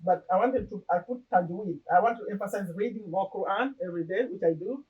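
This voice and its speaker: A woman's voice: mid-range voice, brisk, distant mic, narrow, tinny audio. A middle-aged woman talking casually to the camera in an earnest way, often repeating and restarting her phrases. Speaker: vlogger. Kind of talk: casual personal talk to camera.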